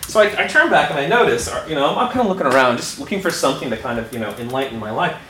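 A man telling a funny story live on stage, animated, breaking into laughter and restarting sentences. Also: mid-range voice, racing. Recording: echoey room with background noise.

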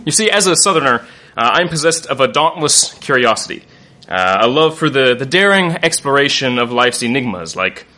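A man's voice: medium pitch, big pitch swings, moderate pace, sharp tone. A man from Northern Virginia telling a comic story on stage in wry, mock-grandiose language.

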